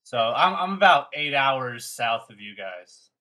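A man's voice: medium pitch, sing-song, measured pace, pushed and bright, rough recording. A man hosting a podcast, talking in a friendly, chatty way with lots of restarts. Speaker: podcast host. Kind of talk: casual interview chat.

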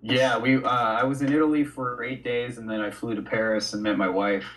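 A man talking as a guest on a casual podcast, relaxed and storytelling, dropping "dude" and "man.". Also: mid-range voice, brisk, far from the mic, low-quality recording. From United States. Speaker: guest artist.

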